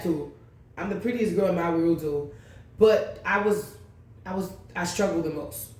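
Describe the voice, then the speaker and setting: A woman hosting her tarot channel, telling a long personal story in a blunt, profane, rambling way. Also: on the low side. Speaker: tarot reader, channel host. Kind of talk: casual storytelling vlog. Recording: very echoey room.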